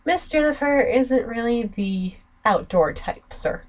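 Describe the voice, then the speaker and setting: A dry, deferential old gardener from a murder-mystery game, answering his master plainly. An American woman reads him aloud without much of a put-on voice. Her pitch still rises and falls in lively swings. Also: unhurried.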